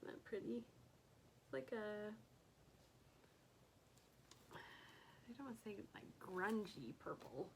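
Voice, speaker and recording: A woman's voice: medium pitch, animated, slow, pauses often, a little hiss or hum, rough recording. A woman chatting casually about her craft haul, gushing over each item and often dropping to a near whisper. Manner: gushing, soft-spoken, often drops to a whisper. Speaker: cross stitch vlogger.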